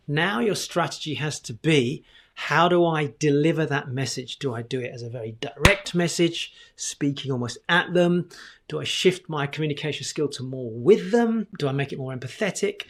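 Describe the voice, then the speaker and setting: A man coaching on communication, speaking straight to camera in an energetic, conversational way. He keeps posing questions to himself as he teaches, and his voice sits on the higher side for a man.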